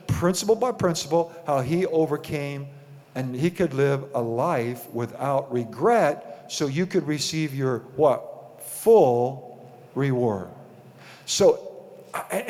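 A man's voice: a little high, darkish tone. Man preaching in an echoing church. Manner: preaching with rising emphasis and call-and-response questions. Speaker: pastor. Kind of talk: sermon. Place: church sanctuary. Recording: long hall reverb.

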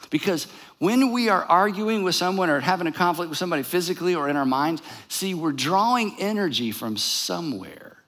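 Male pastor, middle-aged, animated sermon delivery, acts out quarrels; high, ringing tone. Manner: animated, acts out both sides of imagined arguments.

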